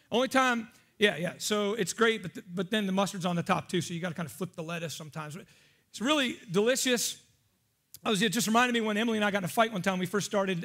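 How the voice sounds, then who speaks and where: A man's voice: sits high, bright, forceful tone. A male pastor giving a casual sermon, chatty and joking, often asking the congregation questions.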